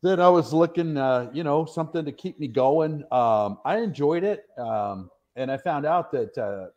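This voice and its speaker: This retired soldier, a middle-aged guest from the US Northwest, has a slightly high, expressive, somewhat mellow voice at a moderate pace, heard on a muffled recording. In a relaxed storytelling interview, he wanders through long tales with self-deprecating humor and plenty of filler words.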